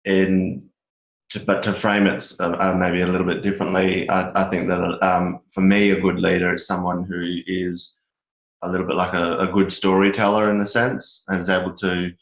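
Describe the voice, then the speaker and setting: A man giving a halting share in a meeting check-in over a video call, with many restarts and fillers. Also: low-pitched, little pitch movement, echoey room, low-quality recording. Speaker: team member in a check-in.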